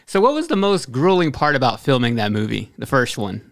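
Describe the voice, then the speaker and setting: Man, mid-range voice, brisk, upbeat, interview host. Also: medium pitch, big pitch swings, vocal fry, dry recording, studio quality. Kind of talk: interview questions and read commentary.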